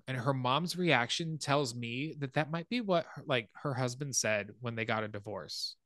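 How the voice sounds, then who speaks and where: A man hosting a podcast, casually retelling a film scene by scene and getting animated at the scary parts. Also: normal speed, hardly any pauses, no echo, studio quality. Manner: animated storytelling, rises in pitch when excited. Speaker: podcast host.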